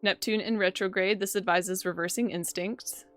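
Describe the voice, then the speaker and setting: A woman's voice: mid-range voice, steady tone, normal speed, faint music behind. A woman doing casual gameplay commentary, wryly reading game text aloud. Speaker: game streamer.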